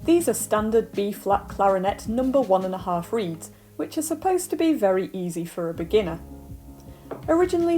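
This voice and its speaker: A woman's voice: mid-range voice, warm tone. A woman making a casual music vlog, talking in a dry, self-deprecating way. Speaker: vlogger.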